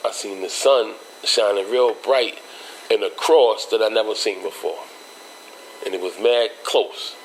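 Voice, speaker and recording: A man's voice: slight background noise, poor audio. A man telling a personal story in casual street slang, acting out the voices of the people in it. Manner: street slang, acts out quoted voices with raised pitch. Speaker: interview guest telling a life story.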